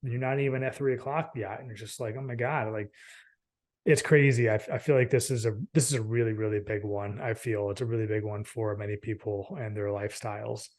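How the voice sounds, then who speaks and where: A man hosting a casual podcast and asking a guest questions. He talks in an animated way, laughs easily and uses many fillers. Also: lowish voice, brisk. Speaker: podcast host. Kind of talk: casual interview chat.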